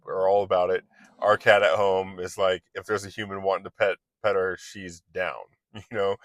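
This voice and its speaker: In a dry recording, an online business coach with a fairly low-pitched voice delivers a relaxed motivational talk. His chatty style keeps circling back to restart sentences, and he plays out small conversations.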